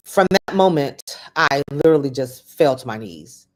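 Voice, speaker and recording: A middle-aged woman tells a personal story on her own podcast. She talks haltingly, stumbling and restarting often. She drops into the quoted words of the people she describes. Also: very deep voice, lively intonation. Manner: halting, with many restarts and fillers; acts out other people's words in quoted asides. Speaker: podcast host.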